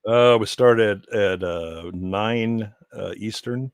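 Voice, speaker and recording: Casting: very deep male voice, rambling casual guest, dry close sound. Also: slow pace, smooth, no echo. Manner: rambling, many restarts and fillers. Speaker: guest co-host. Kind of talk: casual podcast chat.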